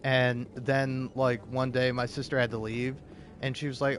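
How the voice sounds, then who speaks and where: A man's voice: mid-range voice, level tone, normal speed. A young man in casual, rambling chat, stammering, repeating words and swearing offhandedly. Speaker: vlogger.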